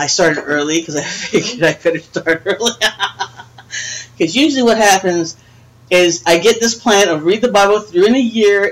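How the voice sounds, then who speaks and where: A woman's voice: mid-range voice, poor audio. Chatty, teasing older woman. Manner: chatty, laughs often, teasing. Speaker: podcast host. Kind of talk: casual chat. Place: friend's house, dim room.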